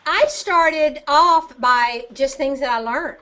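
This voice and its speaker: An older woman speaks slowly in a high, fairly bright voice while chatting as a guest on a casual video call. She's chatty and self-deprecating, laughing often.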